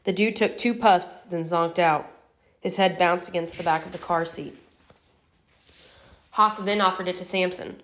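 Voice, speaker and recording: Woman, audiobook narrator, steady, even storytelling. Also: on the low side, unhurried, long pauses. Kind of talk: scripted narration.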